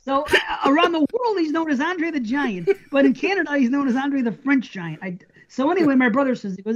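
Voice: high-pitched, animated, fairly quick. An American podcast host telling rambling stories in casual chat. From United States. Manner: rambling storyteller. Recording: dull lo-fi sound.

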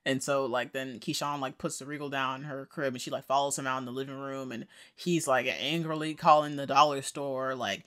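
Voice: mid-range voice, steady tone, brisk, few pauses, a bit bright. A podcast co-host in casual chat, recapping a TV episode with wry remarks and acted-out quotes.

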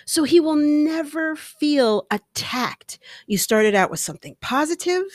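A middle-aged woman hosting a podcast, giving casual advice in a chatty, animated way and acting out little scenes. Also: sits high, measured pace, no room sound, clean studio sound. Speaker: podcast host.

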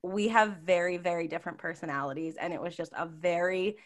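A lively woman co-hosts a casual podcast. She tells stories with lots of laughter and jumps up into high voices to act out what people said. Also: brisk. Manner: animated, laughs often, acts out quotes in high voices. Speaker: podcast co-host. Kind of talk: casual chat, storytelling.

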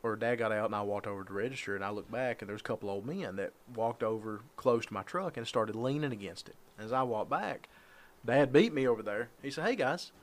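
A man's voice: on the low side, fairly quick. A man chatting casually, bluntly telling a story and swearing freely. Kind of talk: casual podcast chat.

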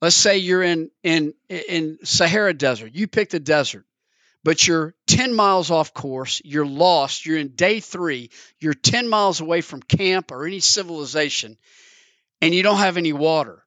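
A man's voice: expressive, moderate pace, sharp tone, no room sound. A man preaching a sermon, telling a parable in an earnest storytelling manner. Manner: earnest, storytelling, acts out the characters in pitch.

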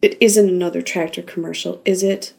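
A woman voicing a weary, sharp-tongued rugby star's wife in an audiobook. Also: fairly low pitch, steady tone, a little fast, gravelly. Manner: weary, curt.

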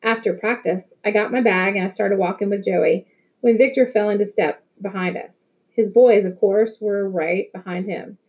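A woman reading a novel aloud in a steady, plain storytelling manner. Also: mid-range voice, moderate pace, muffled recording. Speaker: audiobook reader.

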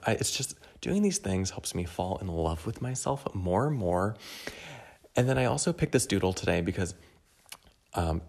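A man hosting a solo podcast, talking in a casual, rambling and candid way, stumbling and restarting often. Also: low voice. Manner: rambling, candid, self-deprecating, with restarts and stutters. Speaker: podcast host.

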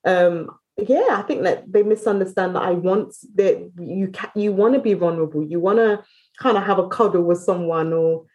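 A British woman speaking as a podcast guest in a candid, casual chat, talking openly and quickly and often restarting her phrases. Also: on the low side, darkish tone. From Britain.

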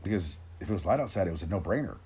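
A man in his forties ranting in a rambling, gruff way, swearing constantly and restarting his sentences as he talks to his listeners. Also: sits low, animated, rapid-fire, a little mellow. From Tennessee, raised in Oregon. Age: 40s. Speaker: rant host. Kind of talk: profane solo rant.

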